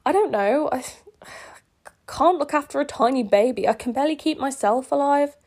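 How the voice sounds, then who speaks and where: A woman's voice: high-pitched, lively intonation, moderate pace, a little mellow, pitched above the performer's own voice. Moody young vampire woman, dry and wounded; woman reads her own fan fiction. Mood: glum. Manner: sarcastic, then tearful and clingy.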